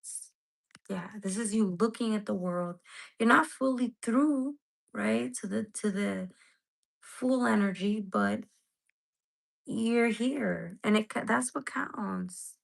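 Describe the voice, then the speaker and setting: A woman's voice: mid-range voice, slow, creaky, poor audio. A woman reading tarot cards live for her viewers, rambling and emotional, near tears, swearing casually as she talks to them directly. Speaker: tarot reader.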